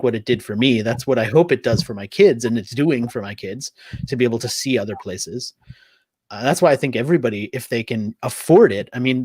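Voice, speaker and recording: A man's voice: medium pitch, no room sound. Chatty middle-aged man, dry sound. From United States. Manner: animated storytelling, frequent "like" and "I mean". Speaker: podcast guest. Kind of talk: conversational interview.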